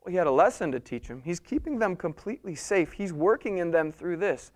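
A man preaching a sermon, telling the story with animated swings between soft, intimate passages and loud, urgent ones. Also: sits high, brisk. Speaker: pastor.

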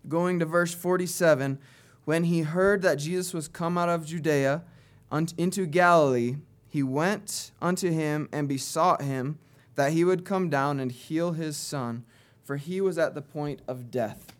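A man preaching a sermon in a conversational way, moving between quiet asides and emphatic readings. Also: on the high side, unhurried.

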